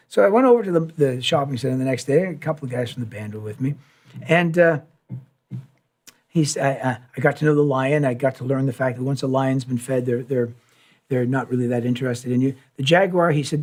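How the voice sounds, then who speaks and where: Speaking fairly quickly in a mid-range voice, a man tells a lengthy story during a live session. The musician is an animated storyteller, performing the quotes and sound effects as he goes.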